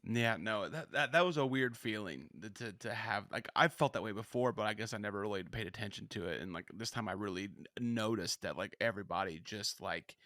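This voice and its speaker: A middle-aged man chats loosely on a podcast, circling his thoughts with lots of "like" and false starts. His voice sits low, and the close, dry recording has no room sound. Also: a little fast, few pauses, a bit bright, no room sound. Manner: rambling, self-interrupting, frequent "like" and restarts. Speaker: podcast co-host. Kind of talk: casual chat.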